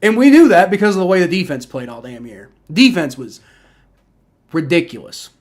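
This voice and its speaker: A man's voice: sits high, big pitch swings, normal speed. A young man hosting a live football reaction stream, talking in a heated, profane rant and often repeating himself and restarting. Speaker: livestream host reacting to football.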